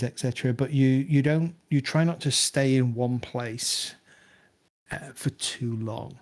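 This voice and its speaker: Running the tabletop session as its game master, this mid-pitched man narrates in a loose, easygoing way, wandering off track and leaning on lots of filler words.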